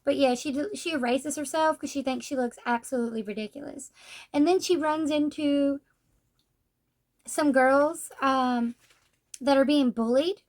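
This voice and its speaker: A woman's voice: high voice, measured pace, darkish tone. A young woman chatting casually through a manga review, filling her talk with "like". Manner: chatty, says "like" often.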